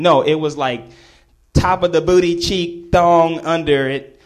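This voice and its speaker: A man's voice: fairly high pitch, expressive, a little slow. A man telling a comedic story to a live audience, laughing and acting out the voices of the people in it.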